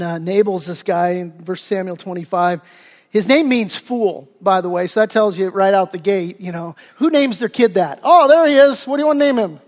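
A man preaching a sermon as pastor, animated, acting out the voices he quotes. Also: high-pitched. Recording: long hall reverb.

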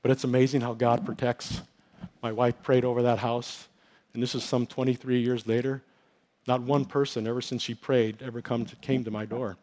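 A man's voice: mid-range voice, flat delivery, moderate pace, darkish tone. A middle-aged male pastor giving an earnest, emotional testimony in a sermon, telling his story with many fillers and restarts.

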